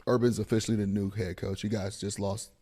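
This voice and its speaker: A man in his thirties, a guest on a studio podcast, telling profane, animated stories and acting out the voices in them. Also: lowish voice, a little fast, breathy edge. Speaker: podcast guest, former college quarterback.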